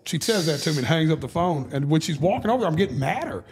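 A man's voice: fairly high pitch, expressive, racing, few pauses, darkish tone, slightly rough. A middle-aged man, a podcast guest telling candid stories and swearing freely. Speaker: guest musician. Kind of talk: casual podcast chat.

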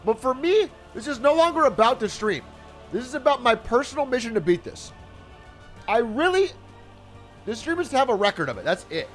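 A young man talks through his gameplay on a live stream, berating himself with swearing and rueful laughs. His voice sits high and swings widely in pitch. Game music plays clearly behind him. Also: very animated, fairly quick. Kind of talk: live gaming stream commentary.

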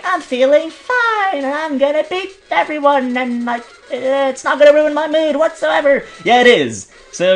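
A man's voice: a little high, fairly bright tone. A young man from Belgium giving casual gameplay commentary, frustrated and swearing, sometimes reading game text aloud in silly voices. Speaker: let's play commentator.

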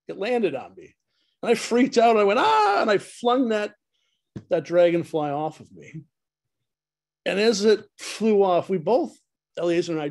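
Pastor, male, fairly high voice, telling stories in a heartfelt tribute. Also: darkish tone. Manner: storytelling, heartfelt and humorous. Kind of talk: retirement tribute speech.

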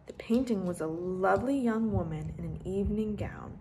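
Lady reading a kids' book, asks the kids stuff, gravelly fry, faint hiss. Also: mid-range voice, moderate pace, few pauses. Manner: asks the listeners questions. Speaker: storyteller reading to children. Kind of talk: reading a children's book aloud.

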